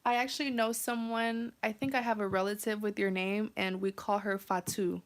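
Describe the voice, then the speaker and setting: American lady doing a live tarot stream, chatty, talks to viewers, kinda thinking out loud. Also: mid-range voice, steady tone, normal speed. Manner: chatty, teasing, thinking aloud. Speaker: tarot reader.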